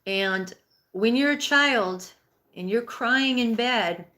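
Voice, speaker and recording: In her sixties, this woman speaks slowly in a higher, strained, bright voice during a live-streamed spiritual healing talk, responding to viewer comments. Her tone is earnest and conversational with many restarts, and she voices her inner thoughts in a raised, pleading way.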